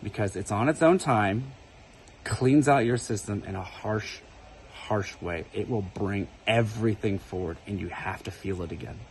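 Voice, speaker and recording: Speaking at a normal speed in a fairly low voice, a man who makes spiritual videos relates a personal spiritual experience to the camera in a relaxed, chatty way. He repeatedly asks "right?" as he goes. There's slight background noise, and the recording quality is low.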